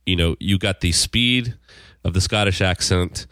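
A man's voice: low voice, measured pace, a bit bright, dry recording, clean studio sound. A man co-hosting a podcast, chatting casually about a TV show, rambling with frequent restarts. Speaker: podcast co-host. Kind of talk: casual TV discussion.

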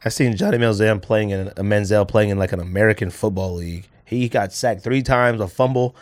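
A man's voice: lowish voice, brisk, darkish tone, no echo. A man co-hosting a casual podcast, laid-back and steering the chat along. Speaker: podcast co-host.

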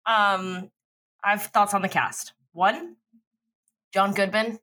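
Bright-voiced teasing woman co-host. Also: mid-range voice, steady tone, slow. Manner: teasing, swears casually. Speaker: podcast co-host. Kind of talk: casual podcast chat.

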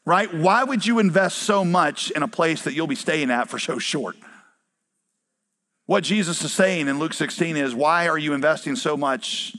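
Man middle-aged pastor, lively sermon delivery, slightly high voice. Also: normal speed. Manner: animated preaching with acted-out voices and rhetorical questions.

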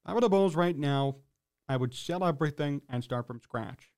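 Fired-up sports talk host guy, high voice, sarcastic and exasperated rants. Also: lively intonation, moderate pace, darkish tone, clear, resonant tone.

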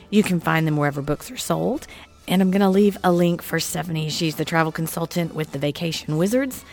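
Hoarse Texan woman podcast host. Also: fairly low pitch. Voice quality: froggy, croaky. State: hoarse from a cold. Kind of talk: casual chat.

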